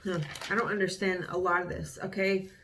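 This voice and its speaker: A woman's voice: on the low side, little pitch movement, fairly quick, a bit bright, a little hiss or hum. Candid young woman reading her diaries. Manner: candid, wry, rambling with many fillers. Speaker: vlogger. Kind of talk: casual reading of old diary entries.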